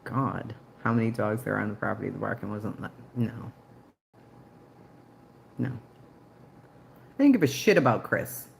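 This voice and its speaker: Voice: medium pitch, expressive, a little slow, vocal fry, long pauses, a little hiss or hum. Snarky, profane livestream host. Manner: snarky and profane, laughs often. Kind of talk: casual livestream commentary.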